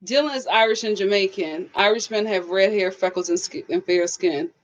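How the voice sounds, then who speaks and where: A young woman hosting a live TV review stream chats casually in a mid-range voice at normal speed, though the audio is dull. She reads viewers' comments, laughs often, and quotes people in exaggerated voices.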